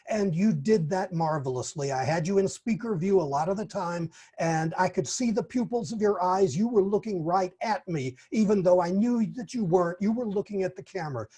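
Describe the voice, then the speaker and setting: Mellow, husky man evaluating a speech. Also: sits high. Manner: measured, encouraging, deliberate pauses. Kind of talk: formal speech evaluation at an online meeting. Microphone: video call.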